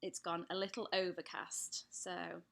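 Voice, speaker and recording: A woman's voice: on the low side, flat delivery, a little slow, creaky, a bit bright. A woman with an English accent hosting a live stream, chatting as she reads out viewer comments and answers them. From England. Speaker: pet channel host. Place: home, lit by daylight.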